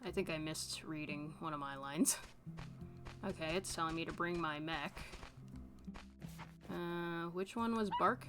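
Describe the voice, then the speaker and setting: Low-voiced woman chatting while gaming. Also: measured pace, long pauses, music in the background. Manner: chatty, thinks aloud, self-amused. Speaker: streamer. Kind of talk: casual gameplay commentary.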